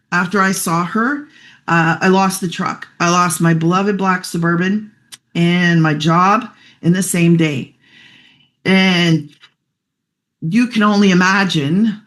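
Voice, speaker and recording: A woman's voice: on the low side, measured pace. A middle-aged single mother sharing a personal testimonial, heartfelt and chatty, fighting back tears at times. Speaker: guest sharing her story.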